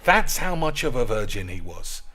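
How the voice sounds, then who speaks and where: A man streaming a card game, with rowdy, crude banter that keeps calling out to the boys and jumps into loud, high outbursts. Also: sing-song, moderate pace. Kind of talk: casual gaming commentary.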